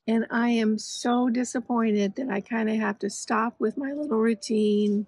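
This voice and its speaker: A woman's voice: on the high side, a little mellow, slight background noise, low-quality recording. A woman in her sixties talking to her viewers in a reflective, earnest monologue, telling personal stories with emotion and frequent laughter. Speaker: lifestyle vlogger.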